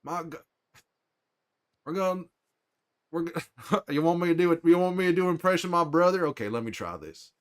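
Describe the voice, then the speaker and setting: A man voicing a gruff, weary middle-aged Texan man, folksy and teasing, chatting in character with viewers in a slow Southern drawl. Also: fairly high pitch, expressive, natural voice. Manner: drawling, folksy, teasing, trails off with "there" and a name. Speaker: streamer in character. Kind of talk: in-character chat with stream viewers.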